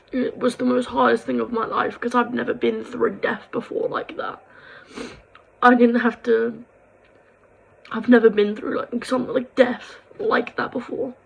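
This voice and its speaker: Young woman with a gravelly, husky voice. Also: on the high side, fairly even intonation, measured pace, poor audio. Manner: rambling, heartfelt, swings into angry ranting. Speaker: vlogger. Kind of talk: emotional confessional vlog.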